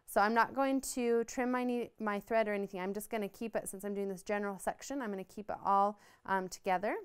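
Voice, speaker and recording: A woman's voice: mid-range voice, steady tone, a little fast, smooth. A woman giving a patient, upbeat step-by-step embroidery tutorial, explaining each move as she stitches. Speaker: embroidery instructor.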